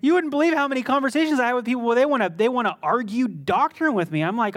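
A middle-aged male pastor preaching a sermon in a conversational, animated way that bursts into sudden intensity. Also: very high voice, fast talker, hardly any pauses.

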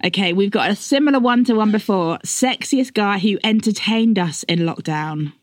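A woman's voice: medium pitch, normal speed, no room sound. A young woman co-hosting a casual chat, playfully reading out categories and giggling as she goes. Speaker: co-host.

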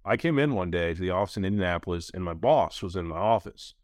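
A man in his thirties hosting a casual podcast, telling stories in an animated way. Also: deep voice, fast talker, no echo, studio quality. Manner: animated storyteller, acts out quoted voices. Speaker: podcast host.

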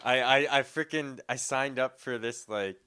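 A man's voice: medium pitch, measured pace, sharp tone, clean tone. A man in casual chat, talking hesitantly and self-consciously, trailing off mid-thought. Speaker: chat partner.

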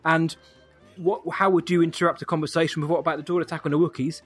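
Jokey podcast guy, kinda high voice, chatty wrap-up. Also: level tone, fast talker, breathy edge, no room sound, soft background music. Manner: jokey, chatty, wraps up the show. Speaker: podcast co-host. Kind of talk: casual podcast chat.

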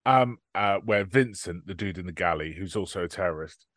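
A man's voice: low-pitched, a little fast, fairly bright tone, no echo, studio quality. A man co-hosting a casual film podcast, chatty and swearing, acting out lines from the movie as he recaps it. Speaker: podcast co-host.

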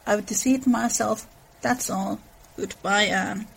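A woman reading aloud the lines of an earnest young man who proposes and is hurt, in her husky voice. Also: medium pitch, steady tone, takes it slowly, fairly bright tone, heavily acted, low-quality recording. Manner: read aloud from a novel.

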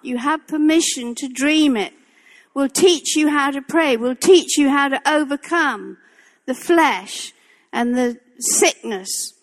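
A woman's voice: high-pitched, long reverb tail. An older woman preaching a sermon in a church, impassioned and emphatic, repeating her phrases for weight.

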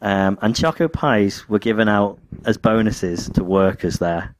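Telling stories with wry humor and frequent laughter, this podcast co-host keeps the chat casual. He has a fairly low, expressive voice, takes his time, and a little hiss or hum sits under the recording.

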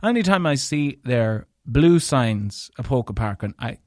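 A man's voice: mid-range voice, big pitch swings, measured pace, a little mellow, dry recording, clean studio sound. A man with an Irish accent hosting a podcast, telling an angry, profane story on his own. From Ireland. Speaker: podcast host. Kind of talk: solo storytelling rant.

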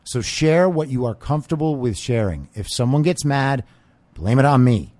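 A man's voice: medium pitch, expressive, moderate pace, a little mellow, no echo. A man hosting a political commentary podcast, talking in a blunt, emphatic and opinionated way into a close microphone. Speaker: podcast host.

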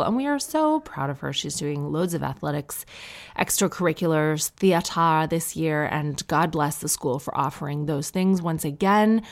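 A tired woman hosting a talk show, chatting casually and joking about herself with quick asides. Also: low-pitched, creaky. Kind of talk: casual comedic monologue.

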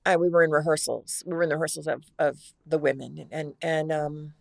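A middle-aged actress, a guest, telling a long story in a casual interview, rambling and halting with many restarts. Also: female voice, deep voice, fairly even intonation, creaky.

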